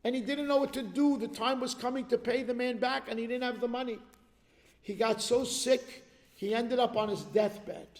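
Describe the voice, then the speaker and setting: High-pitched rabbi preaching in a reverberant hall. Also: male voice. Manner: animated, rises in intensity when telling stories. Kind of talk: sermon with storytelling.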